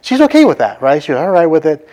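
Man, 30s, casual sermon, conversational, animated, quotes in character. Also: a little high, quick pace. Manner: conversational, animated, frequent "right?" asides; acts out quoted voices. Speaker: preacher.

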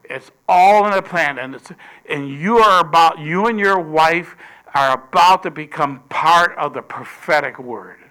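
A man preaching a sermon, voicing a male angel messenger who loudly and emphatically announces God's plan. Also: on the high side, unhurried, low-quality recording. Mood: proclaiming.

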